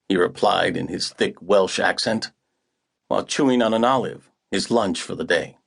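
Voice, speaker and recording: A man's voice: low-pitched, normal speed, vocal fry, fairly bright tone, husky. A man narrating an audiobook in the first person, with a wry, hard-boiled delivery.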